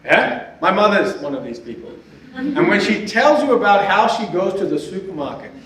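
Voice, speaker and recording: High-voiced man lecturing in an echoey hall. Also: normal speed, slight background noise. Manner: animated, laughs often, ends points with a questioning "yeah?". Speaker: spiritual teacher giving a talk. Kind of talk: lively lecture with anecdotes. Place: lecture hall at a festival symposium. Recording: very echoey hall, speaker far from the mic.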